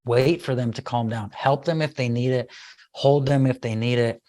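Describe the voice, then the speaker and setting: Animated man telling a parenting story. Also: mid-range voice, normal speed. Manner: animated storyteller, acts out his child's lines. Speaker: guest speaker on parenting. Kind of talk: conversational podcast interview.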